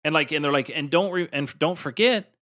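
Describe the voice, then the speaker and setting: A man's voice: a little high, fairly quick, bright, forceful tone. A man co-hosting a gaming podcast, talking in a chatty, emphatic way with many restarts. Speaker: podcast co-host. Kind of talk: casual chat.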